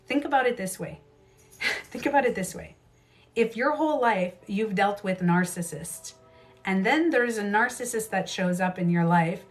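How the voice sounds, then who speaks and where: A woman hosting a casual livestream who talks emphatically, repeats her phrases and swears freely. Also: medium pitch. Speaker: livestream host and beauty coach. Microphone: livestream camera mic.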